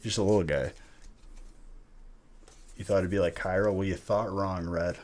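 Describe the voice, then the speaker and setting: A relaxed man with a very deep voice hosts a live stream and opens card packs as he talks. He jokes with viewers and greets them by name in an easygoing way. Faint crinkling of wrappers can be heard behind him. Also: moderate pace, a little hiss or hum. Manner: laid-back, joking, talks to chat by name.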